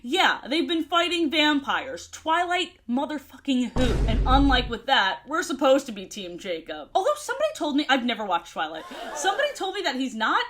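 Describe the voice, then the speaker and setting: A woman's voice: sits high, sing-song, a little fast, hardly any pauses, noisy background. A woman giving sarcastic, playful commentary in a comedic book review, swearing casually.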